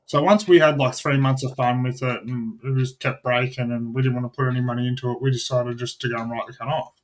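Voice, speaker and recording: An Australian man telling a wild story in casual chat, swearing freely and animated. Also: medium pitch, quick pace.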